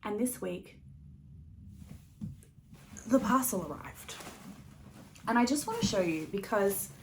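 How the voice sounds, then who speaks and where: A woman's voice: mid-range voice, expressive, slow pace, background noise. A woman hosting a knitting podcast in a casual, rambling chat, laughing often and swearing now and then. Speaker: podcast host.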